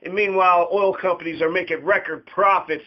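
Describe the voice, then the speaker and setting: A man with a high-pitched voice delivers a sarcastic, profanity-laced political rant. The sound is dull and lo-fi, with the top end rolled off. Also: steady tone, brisk. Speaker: host.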